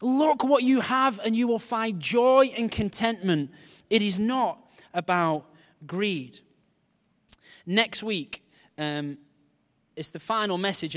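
A man preaches in a lively, joking way, telling stories from home. His voice sits on the high side for a man. The sound carries a long reverb, as in a large hall. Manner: animated, jokey storytelling with quoted dialogue. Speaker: pastor. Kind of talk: sermon.

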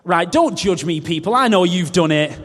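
A man's voice: high-pitched, lively intonation, moderate pace. A man preaching a sermon, mixing scripture with humorous, self-mocking asides. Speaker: pastor. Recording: long reverb of a large hall.

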